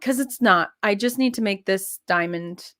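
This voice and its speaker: A woman's voice: mid-range voice, normal speed, fairly bright tone. A young woman chatting casually and playfully, rambling while she works on a craft. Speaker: host.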